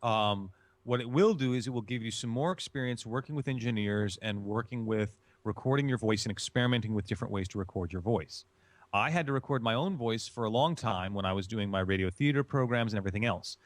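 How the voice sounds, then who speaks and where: A man's voice: lowish voice, fairly quick, no echo. A man from Chicago, a guest in an interview, explaining voice acting in an emphatic way and repeating his key phrases. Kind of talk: instructive interview answers.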